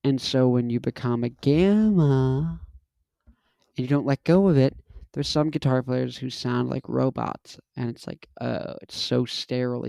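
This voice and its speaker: Gravelly young man hosting a punchy rant. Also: mid-range voice, dark tone, dry recording. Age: 20s. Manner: emphatic, repetitive and punchy. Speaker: host. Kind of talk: casual monologue.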